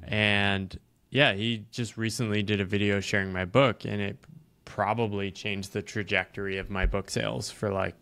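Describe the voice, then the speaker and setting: A low-voiced author talking as a podcast guest, with a gravelly edge and a very dry, close sound. He lays out ideas in long, reflective stretches. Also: level tone, normal speed, a bit bright, dry recording. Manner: reflective storyteller, explains ideas at length. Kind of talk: casual podcast chat.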